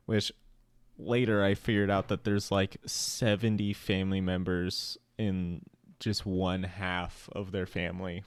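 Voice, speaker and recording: A man's voice: fairly low pitch, clean tone, dry recording. A young man co-hosting a podcast, telling a story in casual chat and acting out the other people's lines with laughter. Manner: animated, acts out quoted voices with laughs. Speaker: podcast co-host.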